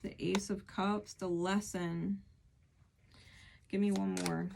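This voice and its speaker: A woman's voice: mid-range voice, little pitch movement, slow pace, gravelly, a little mellow, slight background noise. A woman giving an earnest, emphatic tarot reading who repeats key phrases as she pulls cards. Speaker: tarot reader.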